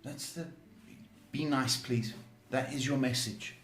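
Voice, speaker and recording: A man's voice: medium pitch, fairly even intonation, takes it slowly, fairly bright tone, a little hiss or hum. A male psychic host answering viewers' questions on a live stream, chatty and reassuring, often saying "okay" and "folks". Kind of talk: live-stream advice chat. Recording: echoey room.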